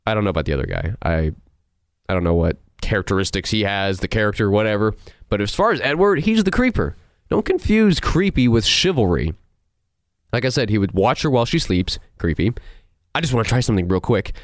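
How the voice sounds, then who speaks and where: A man hosting a movie review show, ranting in an animated, sarcastic and incredulous way. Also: fairly low pitch, fairly quick, no room sound, studio quality. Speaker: host.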